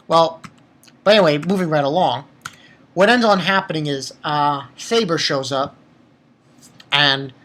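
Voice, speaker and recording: Man, anime reviewer, slow unhurried delivery, swears freely, stammers and restarts, emotional casual rant. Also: sits high, fairly bright tone, breathy edge. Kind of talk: casual spoken episode review.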